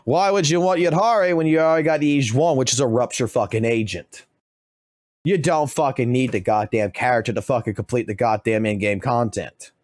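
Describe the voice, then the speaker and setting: A man's voice: medium pitch, fairly quick, darkish tone, no echo, clean studio sound. A man streaming a game, ranting heatedly about spending and swearing constantly. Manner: heated, heavily profane ranting. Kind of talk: ranting reaction commentary.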